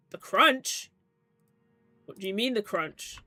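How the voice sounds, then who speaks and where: Woman, streamer, reads game text aloud, chatty with lots of "like", mid-pitched voice, soft music behind. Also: big pitch swings, slow, pauses often, no room sound. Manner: chatty, peppered with "like", giggly asides.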